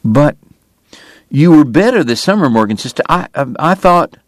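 A man voicing an anxious younger brother who pleads and stammers, pitched higher than his own voice. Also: lively intonation, moderate pace, no room sound, lightly acted.

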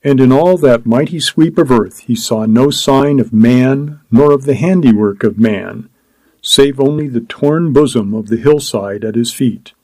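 A man's voice: mid-range voice, warm tone, no room sound, rough recording. Man narrating a storybook, dry sound. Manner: measured, descriptive reading. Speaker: audiobook narrator. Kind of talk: scripted narration.

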